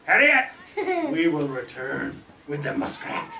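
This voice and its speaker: A man voicing a loud, cheerful French-Canadian neighbor with a thick accent, exclaiming as he talks, recorded from far off in an echoey room. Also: fairly high pitch, big pitch swings, a little slow, vocal fry, noisy background, full character voice. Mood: excited.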